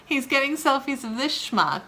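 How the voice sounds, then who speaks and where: A woman's voice: high-pitched, moderate pace, slight background noise. A woman hosting a vlog, chatting casually and teasing her husband, laughing often. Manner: giggly, teasing, animated. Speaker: vlog host, wife. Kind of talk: casual chat.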